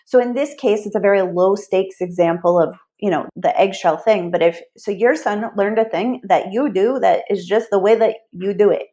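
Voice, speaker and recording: Appearing as a podcast guest, a woman who coaches money mindset earnestly explains her ideas. Her voice is mid-pitched and dark in tone, her pace moderate with hardly any pauses, and she fills her sentences with lots of "like."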